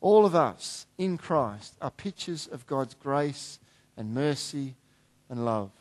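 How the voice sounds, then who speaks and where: A middle-aged man preaching a sermon in a conversational way, dropping to quiet asides and rising to emphatic points. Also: mid-range voice, expressive, takes it slowly. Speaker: pastor.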